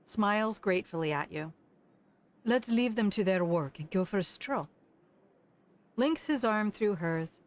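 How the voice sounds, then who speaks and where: An older woman streaming a game, reading its text aloud and putting on animated character voices. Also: mid-range voice, unhurried. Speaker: streamer playing a visual novel game.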